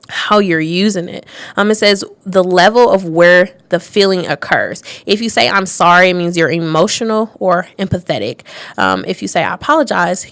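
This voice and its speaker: A woman with a fairly low voice talks through a topic on a radio show, thinking out loud and reading bits from her notes. She pauses on fillers and restarts her sentences. The sound is dry and close, with no room around her. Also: no room sound.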